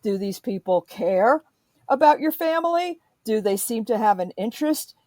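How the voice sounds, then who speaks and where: A woman's voice: a little high, expressive, moderate pace, dark tone, no room sound. A woman in a profane, emphatic political rant, speaking as a podcast host.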